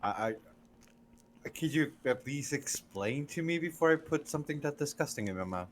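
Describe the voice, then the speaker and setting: A man's voice: fairly high pitch, lively intonation, moderate pace, a little hiss or hum. A man playing in a tabletop game, chatting casually and swearing freely. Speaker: player.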